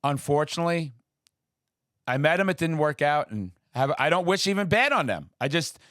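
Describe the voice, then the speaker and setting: Male podcast host, animated storyteller, slightly high voice, dry sound. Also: normal speed, no room sound. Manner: excitable storyteller, acts out quotes in high voices. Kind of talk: casual interview chat.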